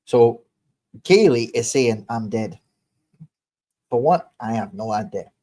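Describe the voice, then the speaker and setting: A young man hosting a livestream speaks slowly but animatedly in a mellow, medium-pitched voice. He's ranting and cursing in anger, confronting a commenter head-on.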